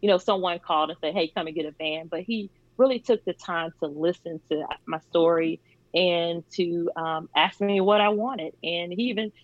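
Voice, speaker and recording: Guest: low-voiced woman, warm storyteller who laughs a lot, dry, slightly dull recording. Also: normal speed, dry recording. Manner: warm, laughs often, many fillers. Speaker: charity founder, guest. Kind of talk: conversational storytelling interview.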